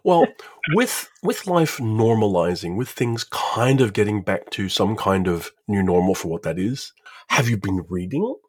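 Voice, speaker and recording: A man hosting a podcast interview, asking questions in a measured, encouraging way. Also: on the low side, very animated, husky. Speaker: podcast host. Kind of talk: casual interview chat.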